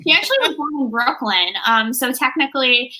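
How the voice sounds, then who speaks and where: A woman's voice: high voice, expressive, brisk, a crowd in the background, poor audio. A woman hosting a live-streamed talk show, chatting casually and readily agreeing with her guest over a video call.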